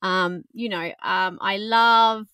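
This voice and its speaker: A woman's voice: mid-range voice, fairly even intonation, slow pace, pushed and bright, clean tone, no echo. Giggly woman podcast host. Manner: giggly, rambling, self-mocking. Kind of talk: casual interview chat.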